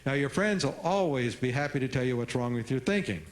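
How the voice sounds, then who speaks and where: Man giving a lively parenting seminar. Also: mid-range voice, fairly quick. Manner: lively, teasing, coaxes audience responses. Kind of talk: live seminar talk to an audience.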